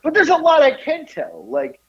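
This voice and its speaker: A man telling a funny story on a podcast, animated and often laughing at his own tale. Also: extremely high pitch, moderate pace, muffled recording. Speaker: podcast co-host. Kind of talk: casual storytelling chat.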